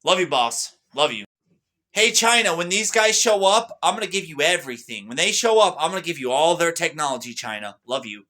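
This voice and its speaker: A young man rambling boastfully to camera, excitable, swinging between loud bursts and mutters. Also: on the high side, a little fast. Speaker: vlogger.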